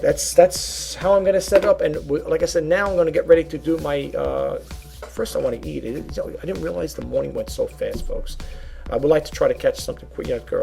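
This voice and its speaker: Gravelly-voiced chatty man vlogging. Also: on the high side, mellow. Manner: rambling, chatty, repeats "okay?" and "folks". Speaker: YouTube reseller vlogger. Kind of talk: casual how-to vlog.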